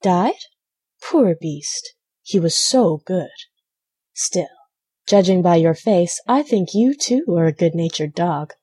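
A woman voicing a sly, scheming male weasel in a storybook, smooth and coaxing. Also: lowish voice, animated, slow, mellow, heavily acted. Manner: smooth, wheedling.

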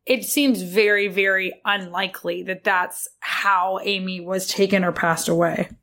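A woman's voice: medium pitch, steady tone, a little slow, fairly bright tone. A woman co-hosting a true crime podcast, chatting casually and thinking aloud with fillers and restarts. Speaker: podcast co-host.

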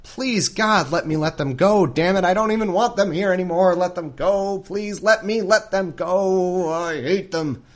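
A man's voice: high-pitched, unhurried, few pauses, pitched above the performer's own voice. A man doing a whiny begging Pharaoh. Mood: pleading. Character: whining desperate male Pharaoh, pleading.

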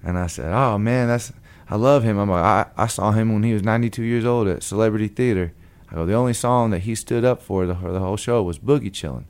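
A man from Long Beach, California, a blues guitarist, telling a story in a lively way and acting out the people in it. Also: on the low side, quick pace, clean tone. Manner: lively, acts out the other people in his stories. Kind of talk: animated storytelling.

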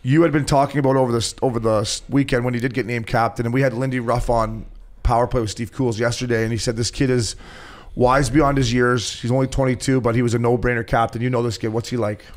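A man's voice: medium pitch, little pitch movement, quick pace. A man hosting a podcast chat, brash and swearing freely. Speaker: podcast host. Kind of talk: casual podcast talk.

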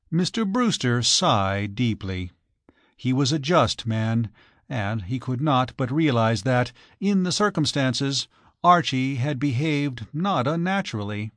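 Man, audiobook narration, lively intonation, dry close sound. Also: mid-range voice, no room sound. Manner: measured, expressive storytelling. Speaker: audiobook reader. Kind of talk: scripted narration.

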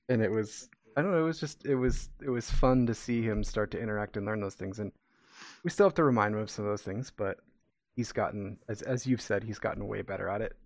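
A man's voice: on the low side, dry recording, studio quality. A man co-hosting a podcast and talking as a parent in casual chat, laughing often and restarting his sentences as he goes.

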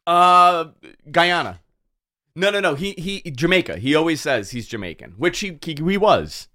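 A man chats casually on a live stream, his voice climbing and dropping as he jokes along. The sound is dry and close, with no room around it. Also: no room sound. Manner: lively, joking, quick shifts in pitch. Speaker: co-host.

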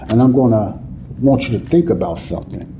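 A man of medium pitch and lively intonation teaches the Bible in an emphatic, conversational preaching style at a brisk pace. He keeps asking "you see what I'm saying?" to check that listeners follow, over a noisy background.

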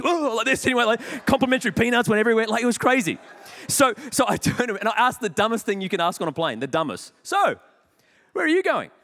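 A man, preaching a sermon. He tells stories in an animated, jokey, self-deprecating way, with sudden loud bursts. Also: high-pitched. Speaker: pastor. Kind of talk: sermon with storytelling. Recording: long hall reverb.

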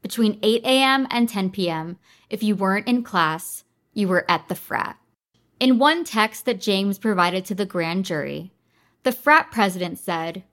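A woman hosting a podcast, reading scripted narration in a steady, measured way. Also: mid-range voice. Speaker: podcast host.

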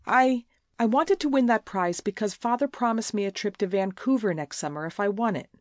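A woman's voice: medium pitch, brisk, dry recording, clean studio sound, voice pushed up, close to an everyday voice. A woman voicing a crafty, whining teenage schoolgirl who pleads and stammers tearfully in a storybook reading. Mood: pleading.

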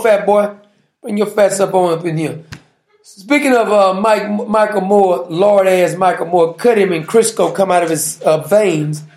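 A man's voice: sits high, vocal fry, darkish tone, echoey room. A man hosting a talk show, giving brash, mocking political commentary with lots of repetition.

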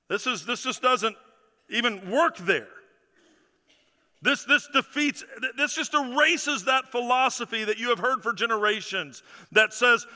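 A male pastor preaches with a high, piercing, sharply bright voice that rings through a large, reverberant church. He leans hard on repetition, stacking phrase after phrase, then sinks low and quiet to let a point land. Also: measured pace. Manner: emphatic preaching with repeated phrases, dropping soft and low for effect. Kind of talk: sermon. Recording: long reverb of a large hall.

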